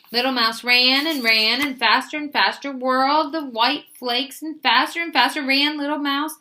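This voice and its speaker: Woman storyteller for a children's read-aloud, animated and bright-voiced, lively pitch. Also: a little hiss or hum. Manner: expressive storytelling. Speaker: librarian.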